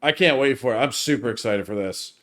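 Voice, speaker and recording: A man's voice: mid-range voice, brisk, a bit bright. A man co-hosting a casual film review chat, teasing his friends and laughing easily. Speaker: podcast co-host, film reviewer.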